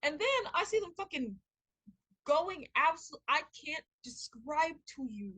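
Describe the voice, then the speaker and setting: A young woman hosting a podcast in casual chat, animated, swearing and laughing as she tells a story. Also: high voice, measured pace, rough recording. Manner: animated, laughing, swearing, heavy use of filler words. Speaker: podcast host.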